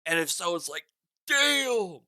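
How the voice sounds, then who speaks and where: A man hosting a music reaction video, chatting excitedly and rambling through his thoughts, with faint music behind him. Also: a little high, moderate pace, no room sound, clean studio sound. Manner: excitable and rambling, with many restarts and bursts of enthusiasm. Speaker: music reaction channel host. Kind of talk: casual reaction commentary. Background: faint music from the song being reacted to.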